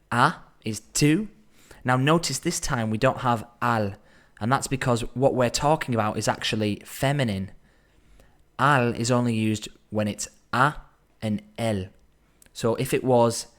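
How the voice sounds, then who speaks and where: A man teaching Spanish in a relaxed, explanatory way, slowing down to sound out phrases and thinking aloud as he goes. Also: mid-range voice. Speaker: Spanish tutor. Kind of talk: explanatory language lesson.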